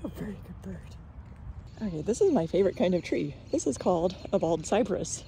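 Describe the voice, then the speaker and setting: A woman's voice: on the low side, lively intonation, fairly quick, creaky, mellow, slight background noise. A woman vlogging outdoors in a park, chatting to her pet cockatoo in cooing, sing-song baby talk, recorded on a handheld phone. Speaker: vlogger and bird owner. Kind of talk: casual chat to her pet.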